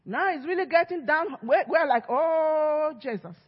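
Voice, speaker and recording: Her high-pitched, expressive voice moves at a moderate pace as this lead pastor delivers an emphatic sermon, voicing quoted speakers dramatically. The echoey sanctuary audio comes through dull and lo-fi.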